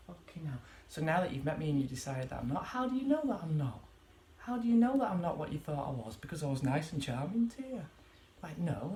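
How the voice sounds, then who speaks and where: A man's voice: a little high, warm tone, roomy sound, slight background noise. A man ranting casually to his vlog audience from his bedroom, swearing freely and rambling with many fillers. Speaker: vlogger.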